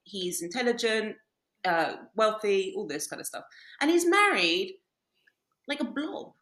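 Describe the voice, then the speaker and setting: A very animated dating coach, speaking a little slowly in a medium-pitched, slightly bright voice, guests on a casual podcast in an echoey room. Her stories are blunt, sprinkled with swearing and frequent laughter.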